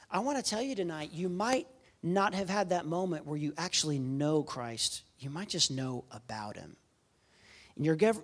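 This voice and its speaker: A young man giving a sermon as a guest preacher, telling a story with animated shifts into quoted voices. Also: on the high side.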